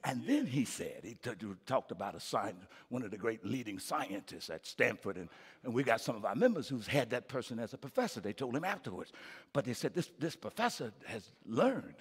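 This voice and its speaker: A male pastor preaching live, his husky, gravelly voice climbing high and swinging widely. He calls out to the congregation and repeats his phrases for emphasis. The sound carries a long reverb from a church hall. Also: big pitch swings, fairly quick. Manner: preaching with call-and-response, building to shouted peaks. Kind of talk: live sermon.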